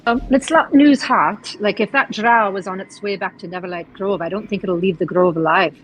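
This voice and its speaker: A woman's voice: medium pitch, normal speed, slight background noise, poor audio. A woman playing a tabletop game, speaking in a hesitant, thoughtful way. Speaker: player.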